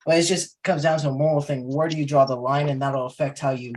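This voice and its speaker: A man in a casual discussion who gives his own opinions and thinks through the questions out loud. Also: a little high, level tone, fast, low-quality recording. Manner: opinionated, reflective.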